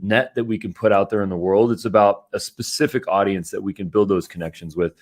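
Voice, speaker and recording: A man hosts a casual podcast interview and asks questions in a relaxed, affirming way. His voice sits somewhat low. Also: fairly quick. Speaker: podcast host.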